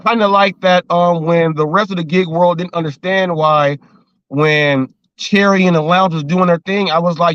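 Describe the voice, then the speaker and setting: Stream host, male, high and bright, earnest, a bit lo-fi and dry. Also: steady tone, normal speed, clean tone, no echo. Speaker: host of a gig-work talk show. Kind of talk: casual live-stream chat.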